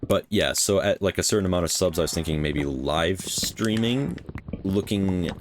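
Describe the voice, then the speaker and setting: Very deep-voiced man rambling over gameplay. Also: moderate pace, background noise. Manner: rambling, hesitant, many fillers. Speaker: gaming channel host. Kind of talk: casual gameplay commentary.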